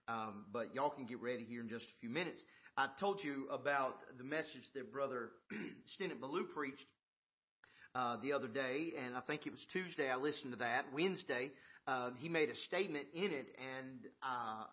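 A man exhorting a church youth service, starting conversational and building to loud, emphatic preaching. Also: on the high side, highs cut off. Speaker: church speaker before the preacher.

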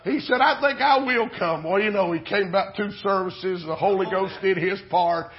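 A man preaching from the pulpit, his voice pitched high for a man. He tells a long homespun story in an easy drawl, then climbs into fervent calls to his congregation. The recording sounds dull and lo-fi. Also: normal speed. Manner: folksy, drawling storyteller, rising to fervent exhortation. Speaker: pastor. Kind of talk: sermon storytelling.

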